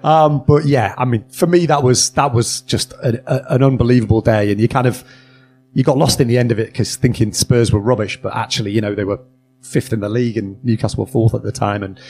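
A man on a live podcast panel, talking in a relaxed, chatty way and laughing easily. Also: medium pitch, a little fast. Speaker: football journalist on a podcast panel. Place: comedy club stage before a live audience.

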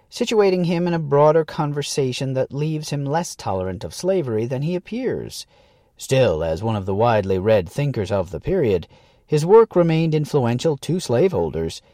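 A man narrating a scripted essay in a measured, earnest way, leaning into quoted lines. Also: medium pitch, warm tone, no room sound, studio quality.

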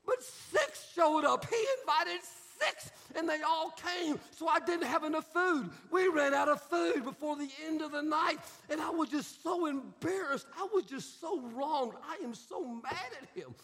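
A man's voice: extremely high pitch, a little slow, creaky, hardly any pauses, a bit bright, in a large hall, voice pushed up, exaggerated voice. A man voicing a tearful young wife complaining about her husband in a whiny voice. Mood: aggrieved whining.

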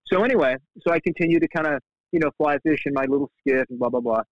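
A middle-aged man, a guest, telling fishing stories in a casual, animated way, with many restarts and lively quoted voices. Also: fairly high pitch, quick pace, no echo. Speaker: guest, shark fly fisherman. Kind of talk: casual storytelling. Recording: slightly muffled, dry sound.

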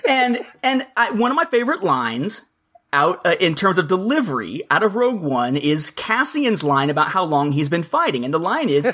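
A man's voice: high-pitched, very animated, moderate pace, fairly bright tone. A talkative man on a podcast, going into long explanations. He likes to mimic the lines he quotes, hamming up their delivery. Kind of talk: casual chat.

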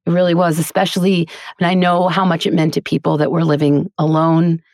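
A woman's voice: on the low side, a little fast, dry recording, clean studio sound. A middle-aged woman from Queens with a faint New York accent, a voice actor and teacher telling stories in a casual interview and laughing often. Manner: chatty, animated storyteller, laughs often.

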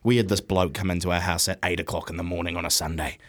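A man with a New Zealand accent, from Wellington, telling a lively story on a radio show with frequent laughs. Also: deep voice, quick pace. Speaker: radio station guest. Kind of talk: casual chat, storytelling.

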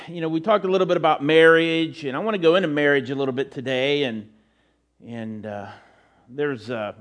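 A middle-aged man preaching a sermon in church as pastor, telling folksy, rambling stories with many fillers and restarts. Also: mid-range voice.

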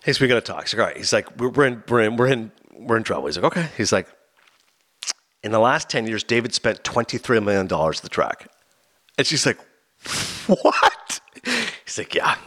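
A man talks quickly on a casual podcast, his pitch swinging widely as he spins one story after another. He keeps slipping into quick impressions of the people he describes. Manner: animated storyteller, acts out quoted people. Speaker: podcast co-host. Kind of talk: casual chat, retelling anecdotes.

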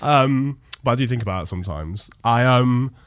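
A young British man chatting casually as a podcast guest, telling animated stories with frequent laughs. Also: medium pitch, normal speed, no echo, clean studio sound. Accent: British English.

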